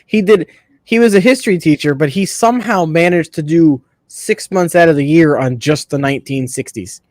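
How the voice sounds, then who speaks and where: A man's voice: a little high, normal speed, darkish tone, no echo. A man with a Connecticut accent, chatting casually as a guest and chuckling through his stories. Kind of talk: casual chat.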